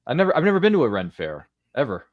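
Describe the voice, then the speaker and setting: A man's voice: mid-range voice, wildly swooping pitch, rapid-fire, dry recording, narrow, tinny audio. A man hosting a movie watchalong, playful and chatty, reading out viewer comments. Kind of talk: casual chat on a movie watchalong.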